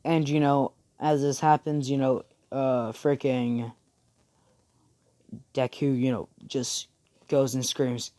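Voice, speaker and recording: A man's voice: mid-range voice, flat delivery, takes it slowly, pauses often, dark tone. A man casually retelling a fan story, rambling with many fillers and swearing.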